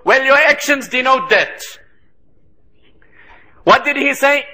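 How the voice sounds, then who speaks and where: Emphatic high-voiced male preacher. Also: slow pace, pushed and bright. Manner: emphatic, repeats phrases for stress. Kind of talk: impassioned sermon.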